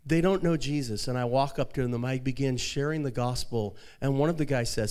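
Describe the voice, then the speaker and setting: A pastor preaches a sermon, starting with a softly told story before rising into fervent, high-pitched preaching. He speaks at normal speed with a clear, resonant tone.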